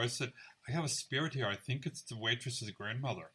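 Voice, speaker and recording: Bright-voiced man telling a story. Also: medium pitch, quick pace, husky. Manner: animated storyteller, acts out quoted dialogue. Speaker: psychic medium. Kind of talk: casual chat, storytelling.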